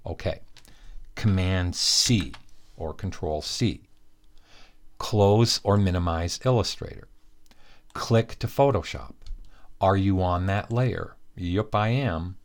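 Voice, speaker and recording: Low-voiced guy doing a software tutorial at his desk, talks thru each step, keyboard clacking behind. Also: slow pace, pauses often. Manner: talks through each step, asks the viewer questions, self-correcting. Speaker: software instructor. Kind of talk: screen-recorded software tutorial.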